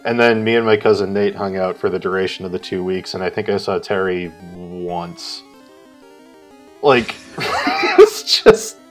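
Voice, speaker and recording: Low-voiced man telling a rambling story. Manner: rambling, swears, acts out quotes loudly. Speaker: co-host of a live art stream. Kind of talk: casual storytelling chat.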